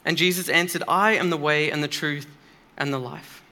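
A man's voice: fairly high pitch, steady tone, moderate pace, bright, forceful tone. A man preaching a sermon in a church, earnest and emphatic, speaking conversationally with occasional fillers.

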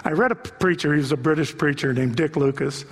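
A man preaching a sermon as a pastor, telling stories with animation and building to impassioned shouts. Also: on the high side, quick pace, big-room sound.

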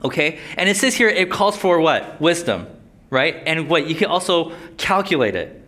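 Young guy preaching casually, keeps asking the crowd stuff, voice a bit on the high side. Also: big pitch swings, normal speed, bright, forceful tone. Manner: conversational, asks the audience questions. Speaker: Bible teacher. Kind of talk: casual sermon teaching.

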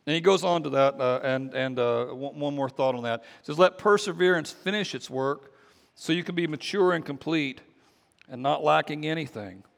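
A man, a pastor, preaching a sermon in a relaxed conversational way, often restarting and repeating his words. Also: fairly high pitch, vocal fry, in a large hall. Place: church sanctuary.

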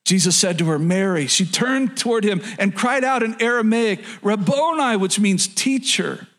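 A man's voice: high voice, normal speed, fairly bright tone. A man preaching a sermon to his congregation, reading scripture and repeating phrases for emphasis. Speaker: pastor. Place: church in front of a congregation.

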